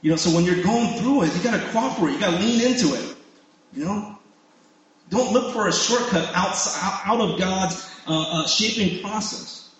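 A man's voice: sits high, expressive, normal speed, very echoey, rough recording. A man preaching a sermon in a casual, conversational way, often asking his listeners "right?" and repeating words as he goes. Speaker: pastor.

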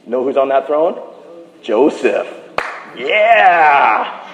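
A pastor delivers a lively storytelling sermon, leaning in and dropping his voice low for the characters' words. His man's voice sits at an ordinary middle pitch. The sound carries the echo and long reverb of a big hall. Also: moderate pace, muffled recording, a little hiss or hum. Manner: animated storytelling, drops to a hush for quoted lines. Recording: echoey hall.

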